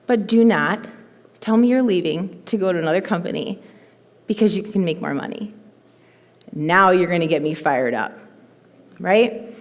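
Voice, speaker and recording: A woman telling a heartfelt personal story to her team in an emphatic, animated way, in front of a live audience. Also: lowish voice. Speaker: motivational speaker to her team. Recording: long hall reverb.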